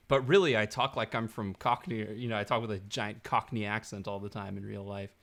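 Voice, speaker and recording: A man co-hosting a casual movie chat, rambling along and laughing often. His voice is bright and forceful. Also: lowish voice, steady tone, brisk. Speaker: podcast co-host.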